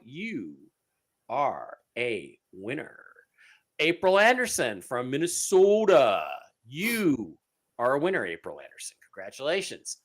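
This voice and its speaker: A man hosting a live-streamed talk show, reading out giveaway winners in a casual, repetitive way with many fillers. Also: fairly high pitch. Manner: animated, repeats phrases, many fillers. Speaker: show host.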